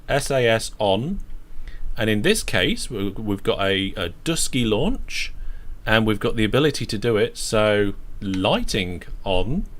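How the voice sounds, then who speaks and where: A British man casually commentating his own game on a live stream, chatty and talking through each step as he plays. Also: mid-range voice.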